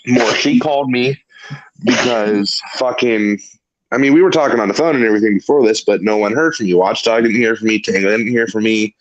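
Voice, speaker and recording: A man's voice: on the low side, a little fast, poor audio. A man hosting a talk show, telling a long story in casual, rambling chat full of swearing. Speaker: podcast host.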